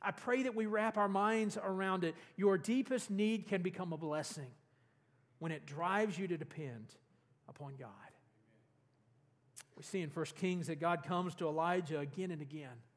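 A man's voice: high voice, moderate pace. A man preaching a sermon as pastor in a church sanctuary, earnest, letting his voice fall away at the ends of phrases. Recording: long hall reverb.

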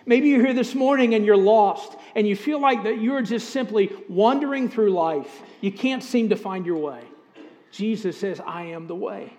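A man's voice: high voice, lively intonation, moderate pace, darkish tone. A middle-aged man preaching a sermon as pastor, earnestly addressing his congregation and reading scripture aloud. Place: church sanctuary. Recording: long hall reverb.

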